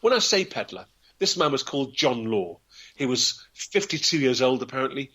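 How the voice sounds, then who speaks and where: Theatrical male storyteller, lively pitch. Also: moderate pace, breathy edge. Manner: theatrical, vivid, acts out voices. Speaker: local historian storyteller. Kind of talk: dramatic storytelling.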